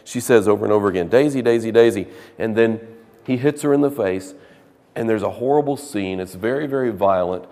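A man's voice: lowish voice, a little fast, darkish tone, in a large hall. A man teaching a literature class, lecturing casually and reading passages aloud with dramatic emphasis.

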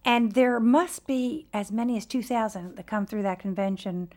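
A woman's voice: fairly high pitch, moderate pace, darkish tone. Playful woman interview host.

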